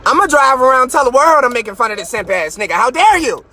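A man hosting a live stream, ranting in a profane, mocking way from his car and sometimes breaking into shouts. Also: very high-pitched, expressive, quick pace. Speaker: podcast host.

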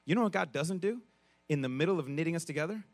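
A man preaching a sermon in a conversational, animated way, with frequent restarts and asides to the congregation. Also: fairly high pitch, quick pace, dry recording. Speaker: pastor.

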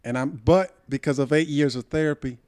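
A man's voice: fairly high pitch, brisk, clean tone, dry recording. Podcast co-host, young man from Puerto Rico, heated storyteller, dry close sound. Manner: heated, animated, profane storytelling. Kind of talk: casual storytelling chat.

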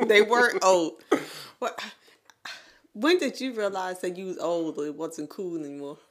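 A woman in her late thirties co-hosting a podcast, chatting casually, laughing often and telling stories with animated energy. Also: on the low side, measured pace. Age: 30s. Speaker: podcast co-host. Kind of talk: casual chat. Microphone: USB condenser microphone.

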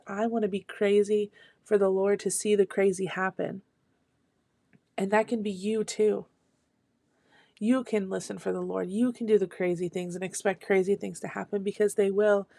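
A woman tells a personal story of faith with earnest conviction. Her voice stays flat and even, with a gravelly edge. The sound is dry and close, with no room around it. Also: medium pitch, no room sound. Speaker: speaker sharing a testimony. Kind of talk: devotional testimony talk.

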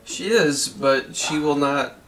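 A man playing in a tabletop game, speaking casually with halting restarts. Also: fairly high pitch, a bit bright, a little hiss or hum. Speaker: player. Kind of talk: casual in-character play.

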